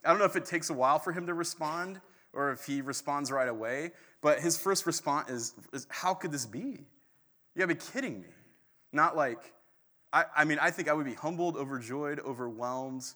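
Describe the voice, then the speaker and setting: A man preaching a sermon in a casual, animated storytelling way. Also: on the high side, moderate pace. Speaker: pastor. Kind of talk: conversational sermon.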